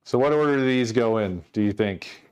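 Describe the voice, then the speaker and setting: A man's voice: lowish voice, normal speed, smooth. A man streaming and chatting casually with his viewers, ranting in mock exasperation while he sorts things. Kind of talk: casual livestream chat.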